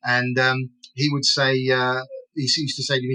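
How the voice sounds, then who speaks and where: A man with a bright, ringing voice walks through an explanation as the guest in an interview. He lectures patiently and keeps checking in with "right?" and "okay?" as he goes. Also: mid-range voice, monotone, moderate pace, hardly any pauses, poor audio. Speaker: guest expert.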